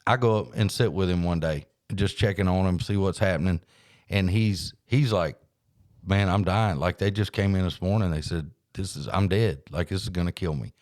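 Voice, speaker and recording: A man, hosting a podcast and telling a story in a folksy, animated way. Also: deep voice, normal speed, no echo, clean studio sound. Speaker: podcast host. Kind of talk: casual storytelling chat.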